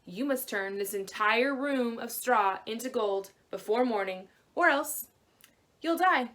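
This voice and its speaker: A greedy storybook king who barks his demands in a bossy, commanding tone, as a woman storyteller plays him. His orders come out a little louder and higher than the telling around them. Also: animated, a little slow. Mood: demanding. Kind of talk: storybook reading.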